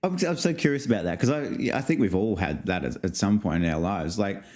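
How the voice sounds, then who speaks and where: A man's voice: deep voice, animated, quick pace, a little mellow. A man co-hosting a podcast in casual chat, rambling through stories with frequent laughs. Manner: rambling storyteller, laughs often, uses fillers. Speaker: podcast co-host.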